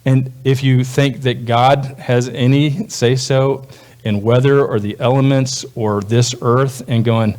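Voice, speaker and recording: A male pastor delivering a sermon in a relaxed, conversational manner. His voice sits in a middle pitch, and he slips into brief, livelier voices when he quotes others. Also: slow.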